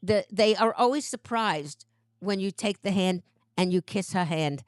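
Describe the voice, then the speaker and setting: A woman's voice: medium pitch, a little slow, dry recording, clean studio sound. Elderly woman giving patient motherly advice. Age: 90s. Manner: motherly, patient, gently instructive. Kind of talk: casual advice chat.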